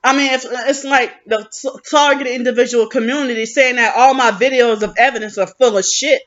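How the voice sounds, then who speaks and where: A woman talks straight to camera in an aggrieved, rambling vent, breaking off and restarting her sentences as she goes. Her voice is bright and forceful. The recording is dull and lo-fi. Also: on the high side, steady tone, normal speed. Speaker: vlogger. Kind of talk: venting vlog monologue.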